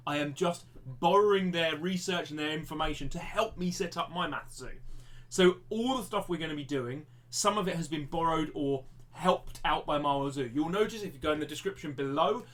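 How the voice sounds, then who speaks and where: Chatty male maths teacher, slightly high voice. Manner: chatty, self-deprecating, thinks aloud with restarts. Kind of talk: live-streamed maths lesson.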